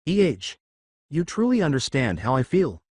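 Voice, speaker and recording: A man's voice: sing-song, normal speed, darkish tone, slightly rough. A man voicing a dramatic male lizard who acts girly, whiny and wailing, in a narrated fan story. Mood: gushing. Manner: whiny, wailing, high-strung.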